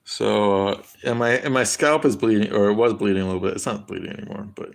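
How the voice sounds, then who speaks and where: A man's voice: lowish voice, steady tone, fast, vocal fry. A young American man chatting casually on a livestream, rambling and crude as he answers his chat. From United States. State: high.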